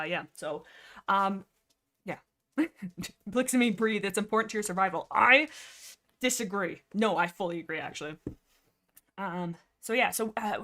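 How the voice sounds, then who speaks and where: A woman's voice: medium pitch, fairly bright tone. A young woman hosting a casual livestream chat, rambling in a giggly, self-deprecating, slightly nervous and breathless way. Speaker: livestream host.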